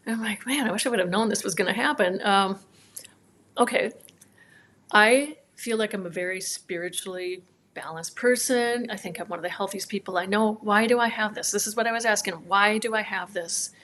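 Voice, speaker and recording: A woman in her thirties from northern Minnesota recounts a personal story as an interview guest. She brings each quoted voice to life with animated delivery. Her tone is earnest and heartfelt throughout. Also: medium pitch, brisk. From northern Minnesota, USA. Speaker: guest, chiropractor.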